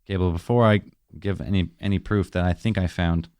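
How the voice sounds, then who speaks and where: A man's voice: sits low, fairly even intonation, fairly quick, a little mellow, no room sound, studio quality. A man co-hosting a casual podcast, asking questions and thinking aloud. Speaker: podcast co-host. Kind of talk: casual chat.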